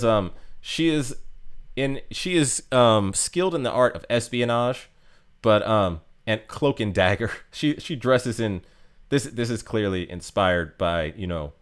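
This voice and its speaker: Low-voiced man rambling through a ranking. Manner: rambling, many fillers and restarts. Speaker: game guide youtuber. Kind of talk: casual ranking commentary.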